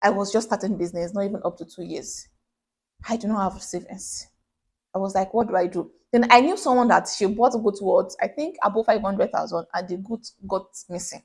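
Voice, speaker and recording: A woman's voice: mid-range voice, fairly quick, gravelly, breathy edge. A young woman with a Nigerian accent, a small business owner telling a personal story in a vlog and acting out the voices of the people in it. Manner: animated storyteller who acts out quoted voices.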